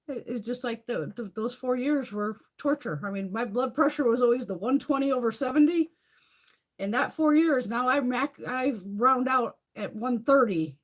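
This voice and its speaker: A middle-aged woman hosting a live chat, ranting in a heated, profane, animated way. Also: a little high, normal speed. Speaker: live stream host. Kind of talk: casual live chat rant.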